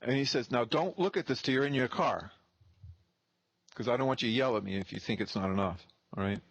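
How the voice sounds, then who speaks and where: Man in his thirties, real estate teacher, casual profane storyteller, mid pitch, dry close sound. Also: fairly quick, no room sound. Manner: blunt, profane, acts out both sides of the dialogue.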